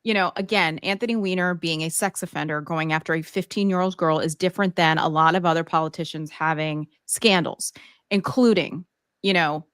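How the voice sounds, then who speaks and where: Lady from new york, lowish voice, dry close sound, chatty storyteller. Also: a little fast, fairly bright tone, smooth, no echo. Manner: storytelling, acts out quotes. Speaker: podcast co-host. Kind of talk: casual political chat.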